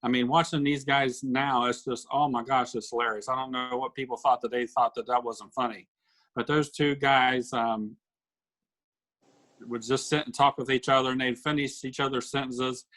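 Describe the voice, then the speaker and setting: A man co-hosting a casual podcast, telling comedy sketches with lively bursts of acted voices. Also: mid-range voice, moderate pace, low-quality recording. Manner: animated storyteller acting out sketch lines. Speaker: podcast co-host. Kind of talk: casual chat.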